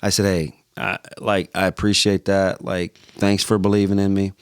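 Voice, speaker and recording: A man, a former football player appearing as a podcast guest, telling stories in a relaxed conversation. He acts out both sides of his phone calls and keeps saying "like" and starting over. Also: deep voice, moderate pace, clean tone, no echo, clean studio sound. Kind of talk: animated storytelling in conversation.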